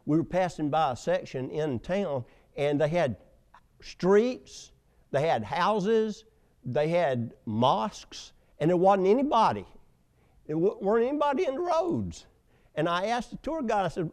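A man preaching a sermon, telling stories with loud emphasis and hushed asides. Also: high-pitched, very animated, a little slow. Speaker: pastor.

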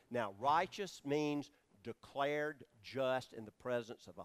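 This preacher speaks slowly in a mid-range voice yet hardly pauses at all. Teaching a Bible study sermon, he explains words as he goes, asks his listeners questions and uses many fillers.

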